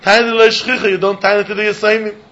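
Man, Talmud lesson, sing-song, repeats points, high-pitched. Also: little pitch movement, fast talker, sharp tone, highs cut off. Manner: sing-song, repeats key points, mixes in Hebrew and Yiddish terms. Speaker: Talmud teacher.

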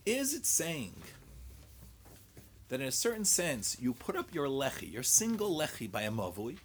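A man's voice: mid-range voice, sing-song, normal speed, a little hiss or hum. A man teaching a Talmud lecture. He mixes English with Hebrew and Aramaic study terms and thinks aloud in rhetorical questions, often repeating words.

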